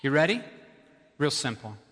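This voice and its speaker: Bright-voiced male pastor preaching. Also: on the high side, sing-song, moderate pace, husky, big-room sound. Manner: conversational, emphatic repetition, asks the audience questions. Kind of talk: sermon.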